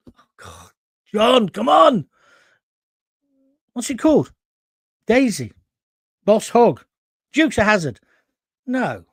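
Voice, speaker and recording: A man's voice: on the high side, dry recording. A man hosting a live talk show, reading out viewer comments and rambling through anecdotes on a close mic. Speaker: host.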